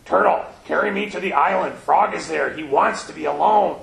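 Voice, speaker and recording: An eager, worried toad from a children's storybook, pleading in a raised voice, as a man reads him. Gravelly tone in a roomy hall. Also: on the high side, moderate pace, a bit bright. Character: earnest, anxious male toad.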